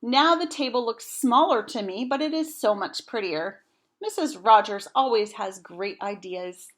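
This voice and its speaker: A woman voicing a cheerful, literal-minded young housekeeper in a read-aloud storybook, with a slow, bright, earnest delivery. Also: on the high side, expressive.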